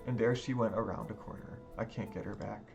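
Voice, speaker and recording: A man's voice: fairly low pitch, fairly even intonation, fairly quick, vocal fry. A man reading a visual novel aloud in a subdued, brooding first-person voice. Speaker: game let's-player. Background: game music.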